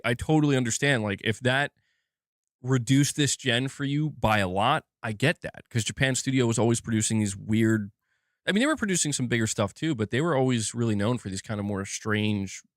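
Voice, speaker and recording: A man hosting a gaming livestream, ranting in an excitable, self-mocking way and swearing often, restarting his words as he gets worked up. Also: medium pitch, moderate pace, no room sound, studio quality. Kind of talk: live commentary rant. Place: indoor room at home.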